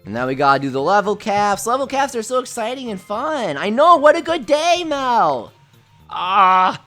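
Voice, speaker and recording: A woman streaming a game live, giggling often and gushing with excitement over her pulls. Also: mid-range voice, moderate pace. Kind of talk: live-stream gameplay commentary. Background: faint game music.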